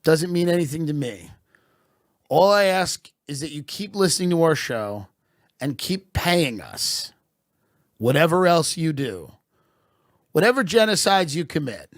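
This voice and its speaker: Slow, sardonic man with dry close sound. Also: on the high side, no echo. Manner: sardonic, deadpan, with bursts of laughter. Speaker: podcast host. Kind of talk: comedic rant.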